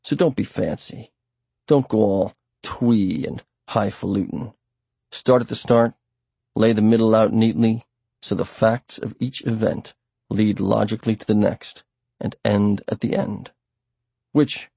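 A man's voice: lowish voice, fairly even intonation, measured pace, gravelly, mellow, slightly rough, no room sound, full character voice. A man reading an audiobook, voicing a stern older journalism professor hammering his rules into a class. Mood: lecturing. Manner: lecturing, hammering points home. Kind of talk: audiobook character voice.

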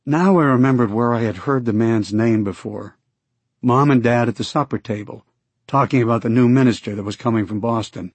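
Husky male audiobook narrator. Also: on the low side, normal speed, no echo. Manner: steady first-person storytelling. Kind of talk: scripted narration.

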